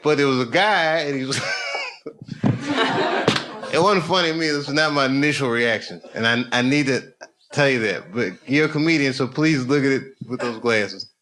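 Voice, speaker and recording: A man's voice: mid-range voice, big pitch swings, normal speed. A man telling loose, profane, rambling stories as a stand-up comedian on a comedy club stage. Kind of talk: live stand-up storytelling.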